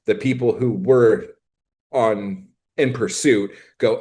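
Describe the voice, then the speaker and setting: With a lowish, slightly mellow voice and a steady tone, this man talks slowly while co-hosting a podcast. He recaps a film in a crude, rambling, joking manner, acting out the lines he quotes as the casual chat goes on.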